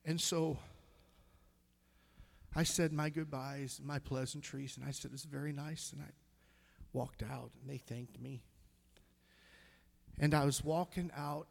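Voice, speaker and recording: A middle-aged male pastor telling a story in a sermon, emotional and halting, with sighs and passages that drop almost to a whisper. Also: fairly high pitch, steady tone, vocal fry. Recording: long hall reverb.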